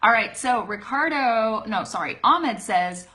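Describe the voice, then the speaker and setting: A woman teaching an English pronunciation lesson on a live stream, chatty and upbeat, greeting viewers and slowly modeling words to repeat. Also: fairly high pitch, lively intonation, pushed and bright. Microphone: webcam close-up.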